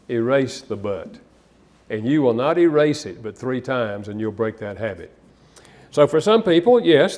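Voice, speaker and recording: Older male speaker and author, storytelling talk, animated delivery. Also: medium pitch. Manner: animated storyteller, acts out quotes.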